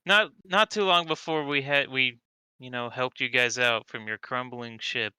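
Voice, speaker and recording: A man playing his character in a tabletop game with a very bright, crisp voice. The sound is dry and close. He talks playfully while scheming. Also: mid-range voice, a little slow, no room sound, rough recording. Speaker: player. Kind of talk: in-character tabletop role-play.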